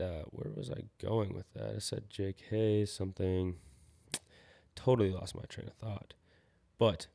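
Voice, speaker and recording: Low gravelly man hosting a podcast. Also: darkish tone. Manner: rambling, loses his train of thought, upbeat about skateboarding. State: tired, yawning. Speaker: podcast host. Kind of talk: casual solo podcast talk.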